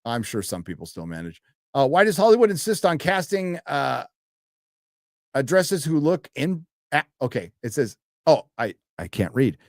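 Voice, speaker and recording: A man's voice: medium pitch, very animated, moderate pace, no echo, clean studio sound. Offhand man reading live chat. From United States. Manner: offhand, crude, reads chat messages aloud with frequent fillers. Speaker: livestream host reading donations. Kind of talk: casual live-stream chat.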